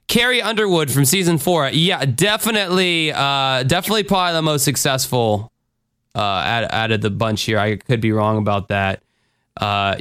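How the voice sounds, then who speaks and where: In a clean, dry studio recording, a male podcast host chats casually, rambling and swearing freely with lots of fillers. His voice is medium-pitched, a bit bright, clear and resonant.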